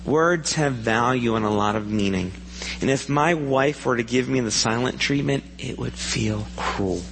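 A man's voice: mid-range voice, moderate pace, background noise. Earnest man preaching in a church hall. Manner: earnest, asks the congregation questions. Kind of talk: sermon. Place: church sanctuary.

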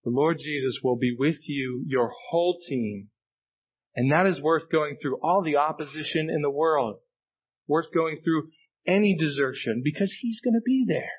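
A man's voice: a little high, unhurried, breathy edge, muffled recording. A male pastor preaching a sermon, earnest and emphatic, repeating key phrases for weight. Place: church sanctuary.

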